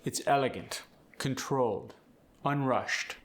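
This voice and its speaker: A man voicing a refined, formal old-Hollywood gentleman with a Transatlantic accent, speaking calmly with crisp, deliberate diction. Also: mid-range voice. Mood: poised, formal. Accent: Transatlantic (Mid-Atlantic). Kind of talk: theatrical accent demonstration.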